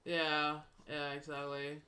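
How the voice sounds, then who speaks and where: A man with a notably high voice speaks slowly in a casual podcast chat. He keeps his remarks blunt and short, often just brief agreements. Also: completely flat delivery, bright, forceful tone. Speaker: podcast co-host. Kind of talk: casual movie discussion.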